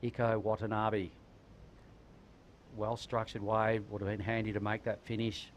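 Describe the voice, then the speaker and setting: A man's voice: on the low side, flat delivery, normal speed, lo-fi sound, slight background noise. A man commentating live surfing with laid-back banter and local slang. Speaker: surf commentator.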